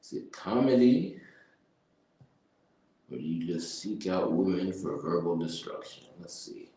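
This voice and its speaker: A man's voice: deep voice, expressive, unhurried, warm tone. A man streaming as he thinks aloud and takes notes, rambling and breaking into chanted nonsense syllables. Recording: very echoey room, mic far off, faint noise.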